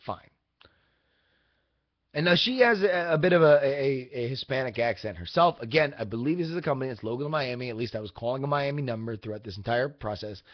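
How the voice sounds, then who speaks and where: A young man hosting a video, telling a casual, rambling story in an exasperated, animated way. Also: medium pitch, a little fast. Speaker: vlog host. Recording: dull lo-fi audio.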